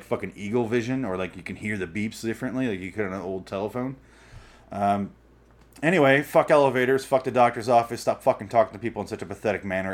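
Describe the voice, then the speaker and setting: Young man, 20s, for a profane, exasperated comedic rant; sarcastic and blunt. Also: lowish voice. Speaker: vlogger. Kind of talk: ranting comedic monologue. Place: his room.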